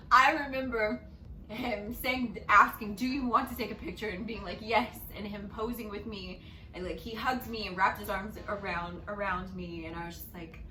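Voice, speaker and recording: A young woman vlogger telling a story casually, with lots of expression and swearing, and she jumps into loud squeaky voices when she quotes people. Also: far from the mic, background noise. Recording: echoey room, a little off-mic, music underneath.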